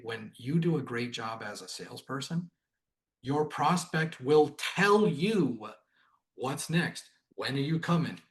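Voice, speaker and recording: A man, a sales trainer guest on a podcast, telling stories in a casual, animated way and acting out the dialogue. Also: medium pitch. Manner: animated, acts out quoted dialogue, repeats "right?". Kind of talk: casual interview storytelling.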